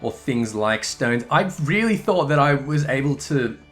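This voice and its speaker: A man's voice: medium pitch, animated, unhurried, fairly bright tone, soft background music. A man giving casual, rambling gameplay commentary, swearing and correcting himself as he goes. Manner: rambling, profane, self-correcting. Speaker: game commentator.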